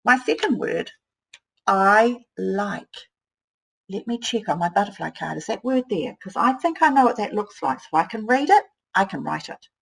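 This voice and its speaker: A woman teacher, slowly sounding out words and thinking aloud as she models writing for young children. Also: medium pitch, animated, vocal fry, slightly rough, rough recording. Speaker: primary school teacher.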